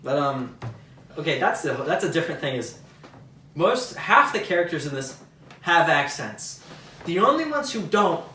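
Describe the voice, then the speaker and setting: A man's voice: a little high, sing-song, moderate pace, pauses often, pushed and bright, slight background noise. A young man from Texas hosting a casual podcast review, wry and talkative as he leads the chat. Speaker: podcast host. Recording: roomy, distant mic.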